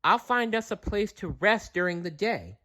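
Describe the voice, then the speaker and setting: Man doing a high-pitched lady kestrel, watchful and urgent, storybook read-aloud. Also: lively intonation, moderate pace, bright, forceful tone. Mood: cautious. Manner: urgent, calling out directions. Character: small bird of prey, female, watchful guide.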